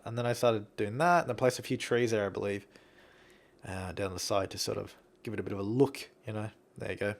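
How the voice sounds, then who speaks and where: A man's voice: on the low side, a little fast. A young Australian man talking casually over his building gameplay, rambling, chuckling and self-deprecating. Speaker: game builder commentator.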